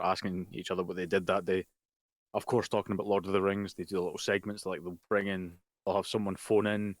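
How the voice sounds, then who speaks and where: A man's voice: deep voice, no room sound. A man co-hosting a casual podcast, rambling through his picks with jokey asides, recorded at home over a voice call. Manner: fast, rambling, puts on mocking voices for jokes. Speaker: podcast co-host. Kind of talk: casual chat. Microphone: home mic over a voice call.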